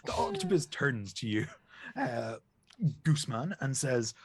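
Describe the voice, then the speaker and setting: A man narrates a tabletop game as game master, fishing for words as he describes the scene. His voice is slightly husky and moves lively up and down. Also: mid-range voice, measured pace. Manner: rambling, searching descriptive narration.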